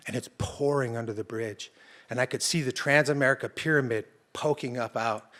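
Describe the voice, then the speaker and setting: A man's voice: medium pitch, a bit bright. A man telling a true personal story on stage in a conversational, vivid present-tense way. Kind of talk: live first-person storytelling.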